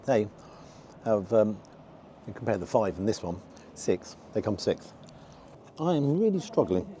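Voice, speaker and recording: A man's voice: mid-range voice, mellow, slight background noise. A man giving a frank, disappointed running commentary as he tastes food outdoors for his review vlog.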